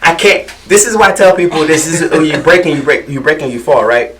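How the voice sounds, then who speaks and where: Animated man telling fight stories. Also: brisk, recorded from a distance. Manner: animated storyteller, acts out quotes in higher voice. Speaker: guest fighter. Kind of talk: casual podcast storytelling.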